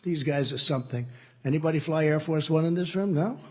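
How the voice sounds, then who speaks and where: A man's voice: a little high, fairly quick, husky. A man in his seventies with an American accent, giving a rambling, repetitive keynote speech at a party meeting. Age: 70s. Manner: rambling, repetitive, boastful asides. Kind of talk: political rally speech, anecdotal storytelling. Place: indoor event venue.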